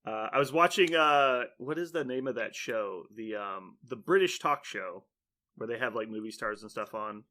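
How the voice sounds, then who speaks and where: A man hosting a podcast in casual chat, an animated storyteller who rambles with lots of "like" and laughs often. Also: mid-range voice, moderate pace. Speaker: podcast host.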